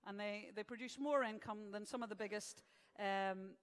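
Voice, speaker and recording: A woman speaks at a moderate pace in a medium-pitched voice, steady, clear and resonant, within a large hall. She is hosting a live awards event on a venue stage, joking with the crowd between announcements. She keeps it chatty and jokey, telling gags with punchlines like a stand-up host.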